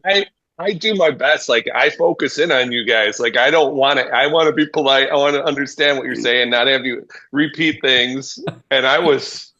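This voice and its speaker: A man's voice: mid-range voice, moderate pace, sharp tone, lo-fi sound. A man in casual podcast chat, earnestly explaining his own thinking aloud. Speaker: podcast panelist.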